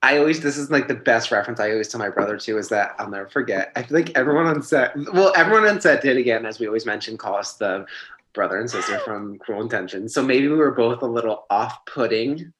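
A man's voice: medium pitch, fast, fairly bright tone, reverberant. A man on a video call, rambling through funny stories and breaking into giggles. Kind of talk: casual video call chat.

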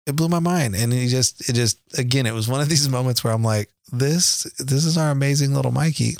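A middle-aged man chats at an even, mid-range pitch, circling back and restarting his sentences as he tells family stories. He laughs easily between thoughts. The sound is dry and close, with no room around it. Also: a little fast, vocal fry, no echo. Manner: rambling, laughs often, many restarts. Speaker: podcast co-host, father. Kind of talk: casual storytelling chat.

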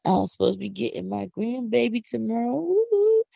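A middle-aged woman from Philadelphia with a Philadelphia accent, hosting a casual, preachy podcast monologue with excited whoops. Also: mid-range voice, a little fast, gravelly, slightly rough, dry recording. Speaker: podcast host. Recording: dull lo-fi audio.

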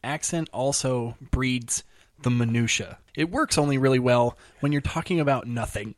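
A man's voice: medium pitch, normal speed, no echo. Easygoing man hosting, dry close mic. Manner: laughs often, easygoing. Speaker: podcast host. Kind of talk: casual interview chat.

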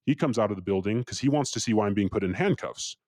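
A man's voice: on the low side, fast talker, no room sound. A young man from California telling a story as a podcast guest, swearing freely and acting out the voices of the people he quotes. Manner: profane, animated, acts out quoted voices. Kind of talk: casual storytelling.

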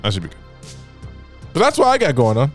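A man's voice: medium pitch, wildly swooping pitch, fairly quick, a bit bright, faint music behind. A man co-hosting a podcast in casual chat, joking, laughing often and swearing. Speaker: podcast co-host.

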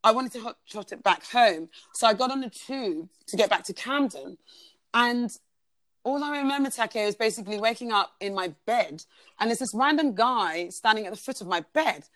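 A woman's voice: on the high side, expressive, normal speed, fairly bright tone, dry recording. A woman, a podcast guest telling a personal story in a chatty way, full of "like" and "basically".

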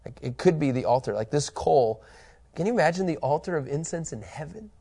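A man teaching a Bible study, animated and emphatic, reading scripture aloud with building intensity. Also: a little high, a little fast, creaky, husky.

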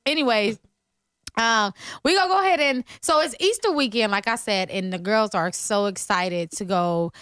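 A woman's voice: medium pitch, normal speed, a bit bright, smooth, dry recording. A woman hosting a casual podcast chat in a studio, laughing often and teasing and mothering the kids on the mic. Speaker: podcast host. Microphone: studio microphone with headphones.

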